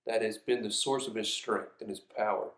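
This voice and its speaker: A man's voice: lowish voice, fairly even intonation, normal speed, a bit bright. Earnest male preacher in an echoey room. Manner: earnest and reflective, reads scripture aloud. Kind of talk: sermon. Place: church sanctuary.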